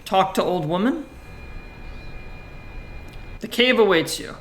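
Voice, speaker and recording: A man's voice: high voice, animated, slow pace, slight background noise. A man playing a text adventure and commenting casually, swearing now and then and reading the game text aloud. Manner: casual, swears, jokey self-talk. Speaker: gaming streamer.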